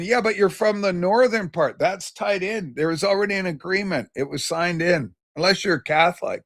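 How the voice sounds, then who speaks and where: Chatty man hosting a livestream, higher voice. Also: normal speed, hardly any pauses, fairly bright tone. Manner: rambling, reads chat comments aloud and greets viewers; loose and chatty, with many fillers and restarts. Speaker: livestream host. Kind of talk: casual livestream chat.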